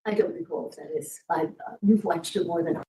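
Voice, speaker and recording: A woman testifying as a witness in court, answering in halting, hesitant phrases. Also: on the low side, noisy background. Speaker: expert witness. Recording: distant courtroom audio.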